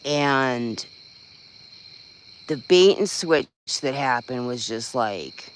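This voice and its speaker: A man's voice: mid-range voice, lively intonation, extremely slow, long pauses, a little hiss or hum, low-quality recording. Blunt, rambling man venting on a livestream. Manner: venting, blunt, swears freely, rambling with fillers. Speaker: livestream host. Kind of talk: casual live-stream chat.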